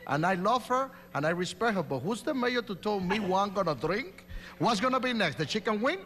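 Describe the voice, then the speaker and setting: A man's voice: high-pitched, expressive, a little fast. A man in his forties with a Puerto Rican Spanish accent, answering debate questions emphatically in loose, broken English. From New York. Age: 40s. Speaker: mayoral candidate. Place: large hall at a live debate. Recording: reverberant hall with faint hum.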